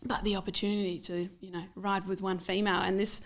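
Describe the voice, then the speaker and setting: A woman's voice: mid-range voice, flat delivery, fast. A woman guest on a podcast, talking casually with many fillers and restarts. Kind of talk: casual interview chat.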